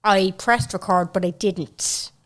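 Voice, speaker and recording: A woman's voice: medium pitch, slow, a bit bright. Wry irish woman chatting. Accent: Irish, Dublin with a slight northern lilt. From Ireland. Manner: chatty, wry, swears freely. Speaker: podcast co-host. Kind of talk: casual chat.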